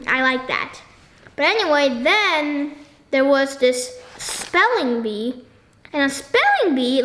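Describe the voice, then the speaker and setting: A woman with a high, slightly bright voice hosts a casual book discussion in an echoey room with faint background noise. She halts and searches for words, with lots of ums and restarts, and often puts questions to her listeners.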